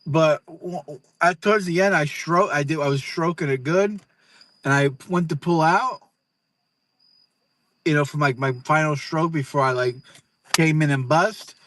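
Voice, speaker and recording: A man's voice: on the high side, moderate pace, fairly bright tone, no echo. A man in a played clip giving a crude, profane, rambling rant, repeating himself and stumbling over words.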